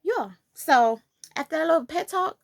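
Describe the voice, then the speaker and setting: A woman vlogger telling a school story in a dramatic, animated way, talking straight to her viewers. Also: sits high, normal speed, gravelly, noisy background.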